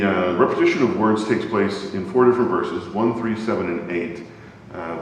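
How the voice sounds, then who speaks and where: A man teaching an adult Bible class in a conversational way, often asking the class questions. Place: church classroom. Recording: very echoey hall, far from mic, faint rumble.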